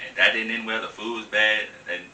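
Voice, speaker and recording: A young man chatting as a guest in a loose, slangy way, animated and laughing often. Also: on the low side, a little fast, reverberant, far from the mic, rough recording. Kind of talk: casual chat over wine.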